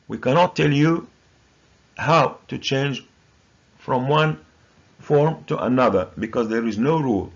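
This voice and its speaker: A male English teacher with a Moroccan accent walks through verb forms one word at a time, slow and deliberate. His voice is husky with a gravelly edge. The recording sounds dull and lo-fi. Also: medium pitch. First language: Moroccan Arabic. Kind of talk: recorded grammar lesson.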